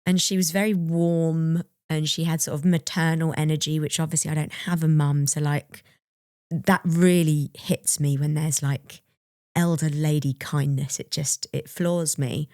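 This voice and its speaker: Speaking at a measured pace, this podcast co-host, a young adult woman, has a low, steady, slightly mellow voice. She opens up about something from her own life, thoughtful and frank, with occasional laughter. It's a dry, studio-quality recording.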